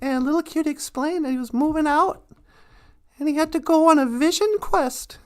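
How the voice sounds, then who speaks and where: A woman's voice: high voice, moderate pace. A woman telling a story casually on a live stream, often laughing as she goes.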